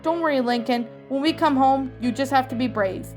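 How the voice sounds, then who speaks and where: A woman's voice: high voice, a little fast, darkish tone, faint music behind, natural voice. A woman reading a protective eldest sister's lines in a fan story, stern and motherly. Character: Lori, bossy protective eldest teen sister.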